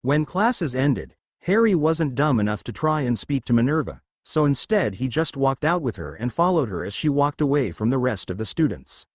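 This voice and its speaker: A man narrating a fan fiction story in an animated reading style. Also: mid-range voice, normal speed, few pauses, no echo, studio quality.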